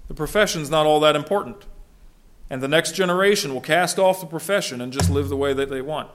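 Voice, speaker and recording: A middle-aged male pastor preaching a sermon in an earnest voice that sits somewhat high for a man. He keeps turning to his listeners with rhetorical questions. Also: brisk, fairly bright tone.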